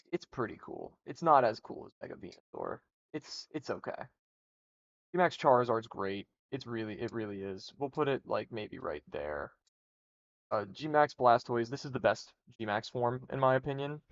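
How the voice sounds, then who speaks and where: A young man streaming live, talking casually and rambling through rankings with restarts and swearing. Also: mid-range voice. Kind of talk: casual livestream commentary. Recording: dull lo-fi stream audio.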